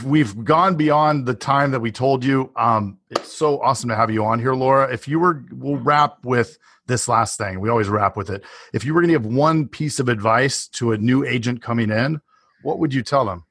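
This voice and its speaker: Podcast host, man, husky voice, dry close sound, encouraging. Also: mid-range voice, moderate pace, a bit bright, dry recording. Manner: upbeat, encouraging. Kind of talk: casual interview chat.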